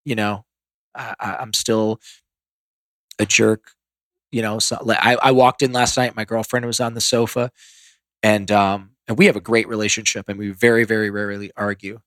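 A man's voice: fairly low pitch, little pitch movement, moderate pace, a bit bright, no room sound. A man who is a podcast guest, telling candid stories in a rambling, self-deprecating way with many restarts. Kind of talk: candid storytelling.

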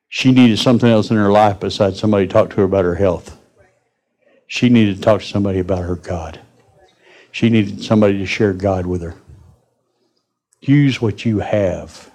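In a lowish voice with a darkish tone, a man preaches a folksy sermon in church, telling stories and addressing his congregation directly.

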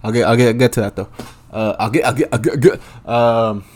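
A man's voice: medium pitch, moderate pace, darkish tone. A young man hosting a solo podcast, rambling casually and swearing a lot in a laid-back way. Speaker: podcast host. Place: Los Angeles, at home.

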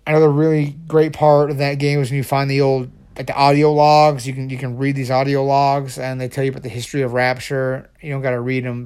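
Un joven que habla con entusiasmo y atropello en un vlog informal, repitiendo palabras y reformulando sobre la marcha. Tiene un tono medio y corriente, y usa muchas muletillas. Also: male voice, mid-range voice. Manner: excited, rambling, with many restarts. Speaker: video creator. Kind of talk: casual ranking vlog.

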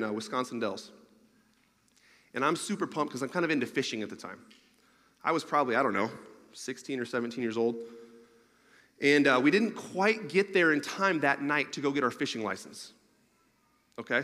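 A man's voice: mid-range voice, a little fast. A man telling a rambling, funny personal story in a sermon, laughing along as he goes. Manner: animated, rambling, laughs through his own story. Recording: long reverb of a large hall.

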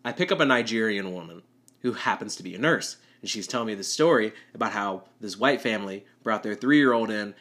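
A man's voice: lowish voice, fairly bright tone. A young man, a rideshare driver, telling a rambling, self-deprecating story with nervous laughs. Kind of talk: storytelling monologue.

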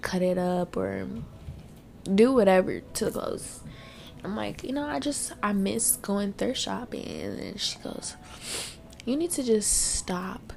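A young woman talks through tears, sniffling as she vents bluntly and swears freely. Her voice sits at an ordinary middle pitch with a strong gravelly fry. A faint low rumble runs underneath. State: tearful, sniffling. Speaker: podcast host. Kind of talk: casual personal monologue.

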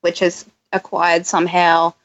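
A woman's voice: lowish voice, completely flat delivery, measured pace, fairly bright tone, dull audio. A woman from Australia, a tattoo artist guest, chatting casually on a podcast and reading news bits aloud with frequent laughs.

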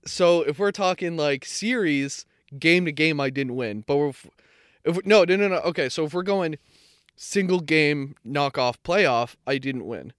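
A man's voice: a little high, normal speed, fairly bright tone, clean tone, no echo, clean studio sound. Young man rambling through a story, swearing. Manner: rambling storyteller, swears freely, self-correcting. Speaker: podcast co-host. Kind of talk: casual chat.

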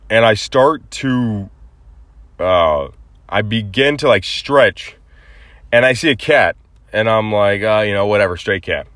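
A man with a lowish voice tells a personal story in a loose, rambling way, full of fillers and restarts. The sound is dry and close, with no room around it. He talks like a casual podcast host. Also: a bit bright, no echo.

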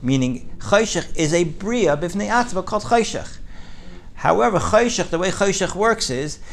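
Guy teaching a torah class, gravelly, gets loud on key points. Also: sits high, moderate pace, slight background noise. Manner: animated, rising with emphasis, frequent "right?".

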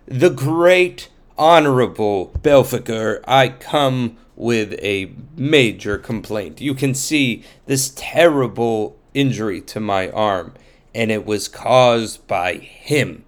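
A man's voice: mid-range voice, slow, natural voice. A man voicing an injured man who complains to a judge in a formal, pompous way. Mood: aggrieved.

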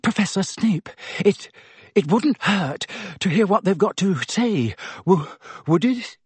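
A man's voice: very high voice, expressive, normal speed, a little mellow, breathy edge, dry recording, pitched above the performer's own voice, heavily acted. Man putting on a breathless, stammering schoolgirl. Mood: nervous pleading. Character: anxious young schoolgirl, bright and earnest.

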